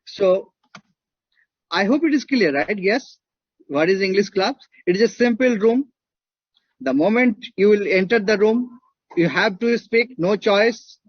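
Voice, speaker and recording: A lecturer with an Indian accent speaks in a fairly high, husky voice. He talks emphatically, circling back to his points and checking in with the class. The recording is dull and dry, with little room sound. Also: no room sound.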